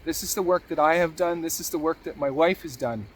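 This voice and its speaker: A man's voice: on the high side, a little fast, slight background noise. A man hosting a motivational talk, earnest and encouraging, repeating key phrases for emphasis. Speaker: podcast host.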